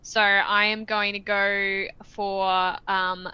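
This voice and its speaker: Unhurried woman player, muffled mic. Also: mid-range voice, clean tone, no echo. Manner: relaxed, hesitant, blunt. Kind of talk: casual tabletop play.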